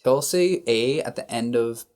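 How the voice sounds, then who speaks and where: A man with a Canadian accent, co-hosting a podcast and explaining words in a relaxed, casual chat. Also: medium pitch. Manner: easygoing, explains slowly and models words. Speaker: podcast co-host, English teacher. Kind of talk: casual conversational lesson.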